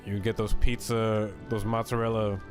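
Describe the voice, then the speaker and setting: A man streaming a video game, chatting excitedly and casually while reading chat messages aloud. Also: on the low side, moderate pace. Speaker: gaming streamer. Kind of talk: casual let's-play commentary. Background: game music.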